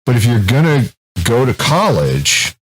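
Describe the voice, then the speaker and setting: A man in his thirties chats on a podcast with a husky, slightly rough voice. His pitch swings widely as he tells animated, profane stories. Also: measured pace, poor audio. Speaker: co-host. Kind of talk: casual podcast chat.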